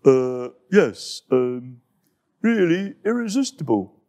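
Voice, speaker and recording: A man's voice: mid-range voice, very animated, mellow. A man voicing a greedy male hippo who talks lazily, full of ums and uhs. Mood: lazy, smug. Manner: slow, lazy, with ums and uhs.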